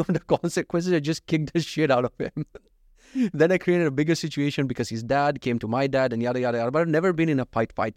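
A man's voice: a little high, a little mellow, dry recording, studio quality. A man in his thirties telling stories in a casual chat, laughing and swearing, going off on tangents. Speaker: vlogger.

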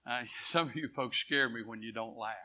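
A man preaching a sermon. He tells a story and swings from hushed quotes to loud swells. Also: mid-range voice, a little fast. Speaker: pastor. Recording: dull lo-fi church recording.

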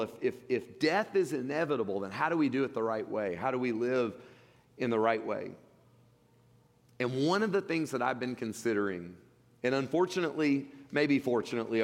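A man delivers a sermon to his congregation in a loose, conversational style, doubling back on his words as he goes. His voice sits at a middle pitch and trails off into the long reverb of a large hall. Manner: conversational preaching with frequent restarts and fillers. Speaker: pastor. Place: church sanctuary.

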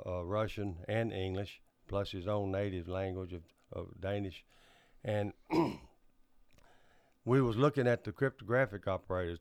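An older man tells his story in an interview. He speaks in a low, smooth voice, stopping often with fillers and restarts. The sound is dry and close. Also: dry recording. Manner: halting, many fillers and restarts, clears throat. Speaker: interviewee recounting Cold War service. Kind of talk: oral history interview.

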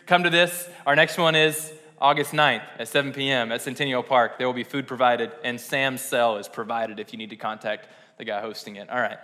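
A young male pastor preaches in a church sanctuary, his mid-range voice pushed and bright against a long, hall-like reverb. The sermon is casual and chatty, and he pokes fun at himself, laughing often.

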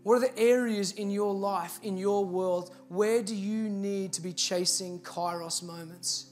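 Earnest Australian pastor preaching. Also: male voice, high-pitched, steady tone, a little slow, darkish tone, faint music behind. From Victoria, Australia. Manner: earnest, builds to emphatic appeals. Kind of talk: storytelling sermon.

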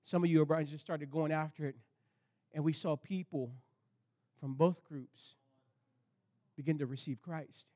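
A man preaching a sermon, telling a story with animated swings between loud bursts and low, intense stretches. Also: unhurried, long pauses. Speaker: pastor.

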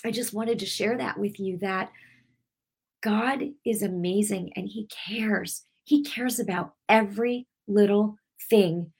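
A woman's voice: mid-range voice, takes it slowly, a little mellow, breathy edge. A middle-aged woman gives a heartfelt sermon on her broadcast, weaving in personal testimony. She talks in an emotional, rambling way, restarting her sentences often. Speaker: preacher hosting a weekly broadcast.

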